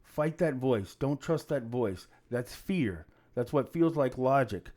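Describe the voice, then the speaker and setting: Middle-aged guy coaching someone thru a breakup, earnest, repeats his points, mid pitched voice. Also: expressive, takes it slowly, a little mellow. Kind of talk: direct-to-camera advice talk.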